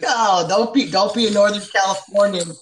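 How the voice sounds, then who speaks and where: A man's voice: high-pitched, moderate pace, reverberant. A man in a casual chat, teasing his co-host and laughing often. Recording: distant mic with crowd noise.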